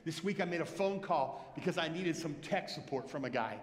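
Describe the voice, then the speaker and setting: A man delivers a sermon in an earnest, exhorting tone, and his voice sits noticeably high for a man. The sound rings through a roomy church hall, with a long reverb trailing each phrase. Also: lively intonation, a little fast. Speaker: lead pastor. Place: church sanctuary.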